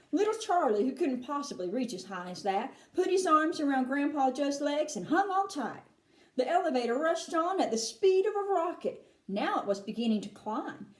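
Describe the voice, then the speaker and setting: A woman teacher reading a children's book aloud in an expressive way, with chatty asides to her listeners. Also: sits high, moderate pace. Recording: roomy echo.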